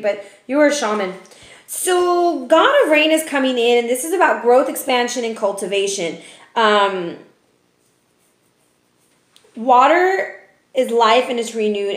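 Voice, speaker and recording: A woman's voice: fairly high pitch, fairly bright tone. A woman giving a casual tarot reading, chatty and profane, often ending remarks with "okay?". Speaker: tarot reader. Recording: roomy echo.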